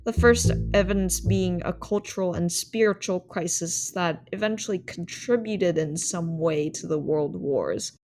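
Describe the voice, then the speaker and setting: A woman's voice: fairly low pitch, a little slow, hardly any pauses, a little mellow, faint music behind. A woman hosting a solo podcast, explaining ideas in a reflective, thinking-aloud way. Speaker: podcast host.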